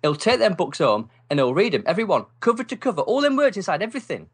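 A man putting on a wide-eyed little boy, his voice jumped way up high and sing-song, bursting with eager amazement as he tells a story out loud. It comes out lively and pushed. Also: fast, husky, exaggerated voice. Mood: amazed. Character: excitable young boy showing off a friend's books.

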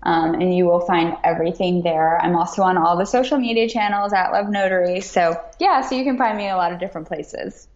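A woman's voice: on the low side, fairly quick, few pauses, darkish tone. A woman guest on a podcast, talking in an earnest, encouraging way. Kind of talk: casual podcast chat. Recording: roomy, dull remote audio.

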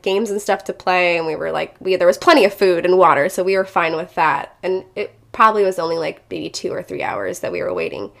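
A young woman, a teacher, casually telling viewers a personal story in a chatty, animated way. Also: mid-range voice.

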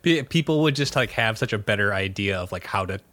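A man's voice: lowish voice, expressive, a little fast, fairly bright tone, no room sound. A man in his twenties hosting a podcast, wry and rambling as he talks. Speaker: podcast host. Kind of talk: casual podcast chat.

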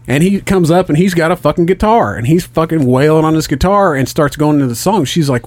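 A man's voice: fairly high pitch, quick pace, hardly any pauses, darkish tone, dry recording. Male podcast host, middle-aged, profane storyteller, dry booth sound. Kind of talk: casual chat.

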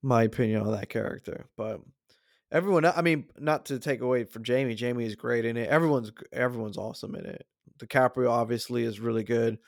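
A man's voice: mid-range voice, brisk, creaky, no echo, studio quality. A man co-hosting a podcast, chatting casually about movies with plenty of fillers and restarts. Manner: acts out movie quotes in shifting voices, rambling with fillers. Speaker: podcast co-host.

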